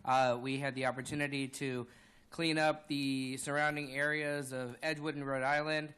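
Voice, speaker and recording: A man's voice: mid-range voice, level tone, moderate pace, fairly bright tone, clean tone. A man, a city council member, giving community announcements casually with many fillers. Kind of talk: meeting announcements.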